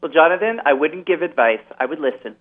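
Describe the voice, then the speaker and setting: A man's voice: fairly high pitch, expressive, fast. Therapist guy calling in, tinny phone sound, bouncy earnest talk. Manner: earnest, explanatory. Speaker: therapist guest. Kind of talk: interview on a phone line.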